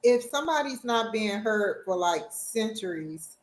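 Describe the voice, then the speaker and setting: A woman's voice: medium pitch, lively intonation, unhurried, roomy sound, rough recording. A woman hosting an interview, talking in a casual, conversational way. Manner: casual, conversational, with fillers like "you know". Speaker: talk show host.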